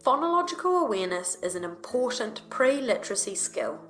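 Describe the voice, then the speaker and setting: A woman narrating an instructional video in a clear, upbeat explanatory way. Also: fairly high pitch, big pitch swings, fairly quick, fairly bright tone, roomy sound, soft background music.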